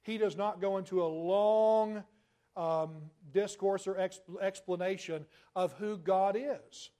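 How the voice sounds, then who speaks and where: A man preaching a sermon, asking rhetorical questions and slowing down to stress key phrases. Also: high voice, fairly even intonation, mellow.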